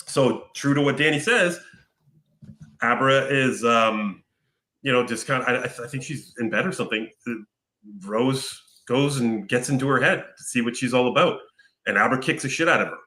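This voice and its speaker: A man's voice: mid-range voice, moderate pace, bright, forceful tone. A man hosting a podcast, casually recapping a film plot in a rambling, profane way, full of fillers. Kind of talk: casual chat. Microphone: picked up from afar by another mic. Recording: roomy, off-mic sound from an unplugged mic.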